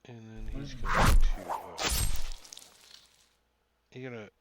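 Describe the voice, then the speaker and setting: A man casually playing a tabletop game, animated and joking, on a dull, lo-fi mic. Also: lowish voice, slow pace, heavy background noise. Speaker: player.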